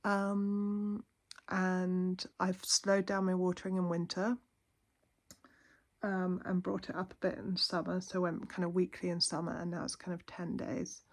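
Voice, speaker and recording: A woman chatting softly to camera in her lounge at night, heartfelt and rambling. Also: lowish voice, little pitch movement, measured pace. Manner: soft-spoken, heartfelt, rambling. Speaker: vlogger. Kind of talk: casual chat to camera.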